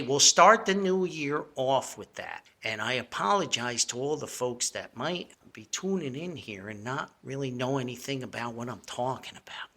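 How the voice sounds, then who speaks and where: An older man with a thick New Jersey accent talks through a casual podcast monologue. His voice is gravelly and a bit husky, with a bright, forceful edge. He rambles along with asides and little chuckles. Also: medium pitch. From Paterson, New Jersey. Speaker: podcast host.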